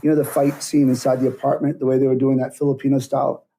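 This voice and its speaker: A man's voice: mid-range voice, level tone, fast, dark tone, slight background noise. A middle-aged man, a stunt coordinator, telling work stories bluntly and acting out both sides of conversations. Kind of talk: casual interview storytelling.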